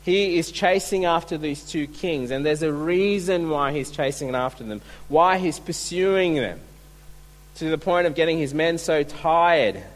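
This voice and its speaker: A man's voice: on the high side, rough recording. A man preaching a sermon, earnest and full of rhetorical questions. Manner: earnest, asks rhetorical questions, restarts words.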